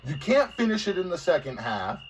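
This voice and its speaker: A man's voice: high-pitched, very animated, a little fast. Joking podcast co-host, a man. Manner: joking, blunt, swears casually. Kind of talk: casual sports podcast chat. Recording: distant mic with faint background noise.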